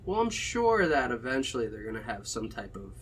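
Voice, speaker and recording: A young man hosting a casual podcast chat, telling lively stories and swearing freely. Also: mid-range voice, fairly quick, a little hiss or hum, low-quality recording. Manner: animated storyteller, swears a lot. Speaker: podcast host.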